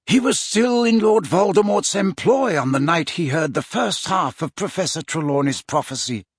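A man voicing a wise elderly male wizard headmaster, speaking in a calm, measured, deliberate way in an audiobook reading. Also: high-pitched, slightly rough, no room sound, clean studio sound, voice pushed up. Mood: earnest.

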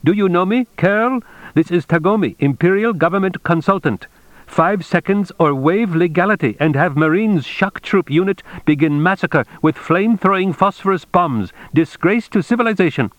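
Guy putting on a stern official barking clipped threats on a phone, high tight voice, dry sound. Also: expressive, moderate pace, no room sound. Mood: menacing. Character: stern older male Japanese official, commanding. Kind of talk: audiobook character voice.

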